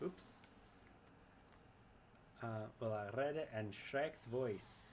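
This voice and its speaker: A man's voice: mid-range voice, drawn-out words, a little hiss or hum. A man casually commenting on his gameplay and reading chat aloud, chatty and rambling and often laughing. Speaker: streamer.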